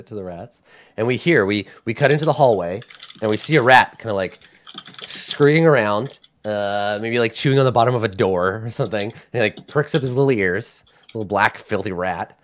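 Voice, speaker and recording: A man with a low voice runs a tabletop game as game master. He narrates in a loose, rambling way, full of fillers and restarts. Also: normal speed.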